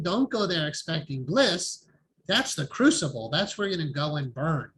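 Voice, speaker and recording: Brief: male meditation teacher, slightly high voice, relaxed and chatty, faint hiss behind. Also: low-quality recording. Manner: calm, conversational, laughs often. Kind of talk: online support group class. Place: home, online video call. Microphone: video call microphone.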